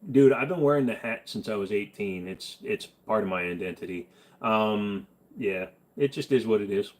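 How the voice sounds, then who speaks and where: A man's voice: on the low side, normal speed. Blunt, profane man live-streaming. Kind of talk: casual live stream chat reading comments.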